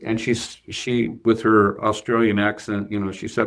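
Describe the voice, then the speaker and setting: Earnest, lower-voiced man telling a story. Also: little pitch movement, normal speed, a bit bright. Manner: earnest, hesitant with many fillers and repeated starts. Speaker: bank CFO, guest. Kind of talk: reflective interview storytelling.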